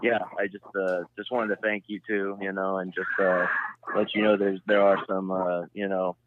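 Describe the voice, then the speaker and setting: A man's voice: sits low, level tone, normal speed, heavy background noise. A man calling in to a talk show, talking hesitantly with lots of fillers. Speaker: caller. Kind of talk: call-in conversation. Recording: tinny phone line.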